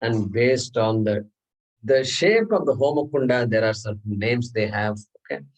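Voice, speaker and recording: At a moderate pace, an expressive man with a medium-pitched voice teaches scripture in a class room, though the audio is poor. He goes through it step by step, often checking in with "okay?" and asking the class rhetorical questions.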